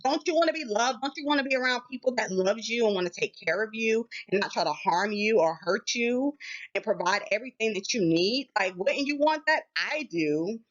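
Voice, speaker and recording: Animated woman vlogger, dull lo-fi sound. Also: medium pitch, moderate pace. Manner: animated, addresses viewers as y'all. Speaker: channel host. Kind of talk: casual spiritual vlog talk.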